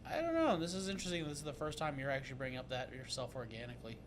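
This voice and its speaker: A young man co-hosting a casual podcast, curious and quick to jump in with questions. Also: a bit bright. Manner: curious, keeps asking questions and jumping in. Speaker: podcast co-host. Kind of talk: casual chat. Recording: noisy room with a clear background rumble.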